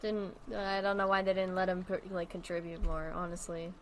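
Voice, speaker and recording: A woman's voice: lowish voice, level tone, normal speed, slight background noise. A woman streaming a game in casual chat, rambling and chatty, often trailing off, restarting and swearing casually. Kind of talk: casual chat while playing a zoo-building game.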